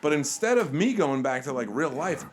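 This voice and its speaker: Joking deadpan comedian man. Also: a little high, normal speed, over a noisy crowd. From Nantucket, United States. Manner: joking, deadpan storytelling with laughs. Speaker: comedian guest. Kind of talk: casual podcast chat.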